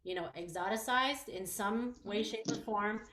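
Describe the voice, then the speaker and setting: A woman's voice: medium pitch, normal speed, a bit bright, reverberant, slight background noise. A Chinese American woman, a mother and artist, speaking earnestly and emotionally as a guest in a public conversation. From United States. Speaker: panel guest.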